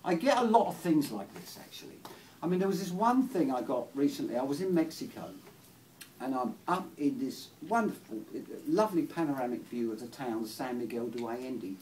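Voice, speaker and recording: A man's voice: medium pitch, animated, fairly quick, a little mellow. A man from England with an English accent, doing rambling stand-up comedy. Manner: rambling and giggly. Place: small venue. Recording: distant mic in a venue, faint noise.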